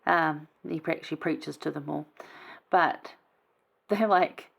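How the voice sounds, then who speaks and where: Low, gravelly woman explaining scripture. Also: a little slow, pauses often. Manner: chatty, informal, reads verses then explains them. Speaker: Bible study vlogger. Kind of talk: casual scripture commentary.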